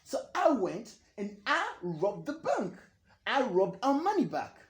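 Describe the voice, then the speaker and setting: A man's voice: very high-pitched, wildly swooping pitch, unhurried, full character voice. A comedian playing a boastful young man, speaking in a rambling, repetitive comedy monologue. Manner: rambling, boastful, repeats words. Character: boastful young Ugandan man bragging of football fame. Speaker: comedian doing an impression. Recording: roomy echo.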